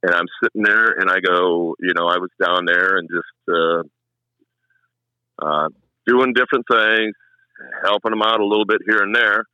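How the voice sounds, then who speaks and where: In a dry, muffled recording, a middle-aged longtime race track announcer chats casually, telling stories with animation and acting out people's quotes. He speaks in a low, smooth voice at a moderate pace.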